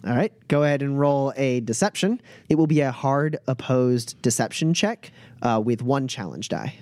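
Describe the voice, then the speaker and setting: An easygoing male game master calls for rolls and narrates the scene. He talks in a relaxed way with many fillers, at a middle pitch. The sound is close and dry. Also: moderate pace, no echo.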